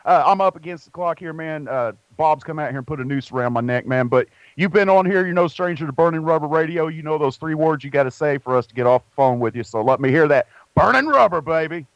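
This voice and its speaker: A man's voice: a little high, fast talker, few pauses, no echo, muffled recording. A man hosting a motorsports radio show in a loose, joking, chatty way. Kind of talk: casual radio chat.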